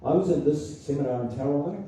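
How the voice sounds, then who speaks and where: A man's voice: a little high, fast talker, mellow, slight background noise. A man with a New Zealand accent giving a political seminar speech, emphatic and firing rhetorical questions at the audience. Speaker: public speaker. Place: public hall. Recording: very echoey hall, voice from far off.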